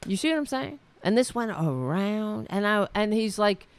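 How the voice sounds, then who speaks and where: A woman hosting a political talk show retells a debate as casual spoken commentary, in a medium-pitched voice with big pitch swings. She talks at normal speed with hardly any pauses, and the tone is clean and the recording dry. Exasperated, she swears freely, restarts sentences often and uses many fillers.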